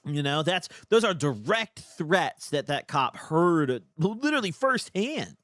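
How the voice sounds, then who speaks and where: A male streamer reacts to a clip in loose, rambling talk, his pitch bouncing up and down a lot. The sound is close and dry. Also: big pitch swings, measured pace, a bit bright, no room sound. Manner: rambling, full of "like". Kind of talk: casual reaction commentary.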